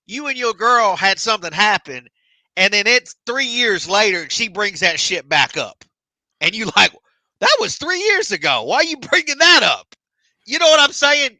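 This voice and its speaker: A podcast co-host with a high voice rants emotionally and animatedly in a heated, casual chat, swearing a lot. The recording is dry.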